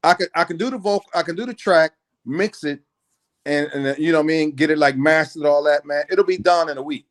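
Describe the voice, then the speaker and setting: Producer guest, slightly high voice, easygoing storyteller, keeps saying man. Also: quick pace. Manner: laid-back, says "man" constantly, animated retelling. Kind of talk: casual storytelling interview.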